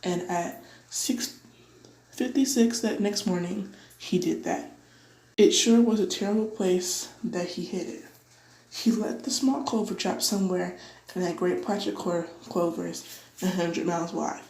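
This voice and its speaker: A woman reading a children's storybook aloud, giving the characters livelier, higher voices. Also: unhurried, gravelly, roomy sound, rough recording. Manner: lively, voices dialogue with pitch jumps. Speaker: audiobook reader. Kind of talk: read-aloud storybook narration.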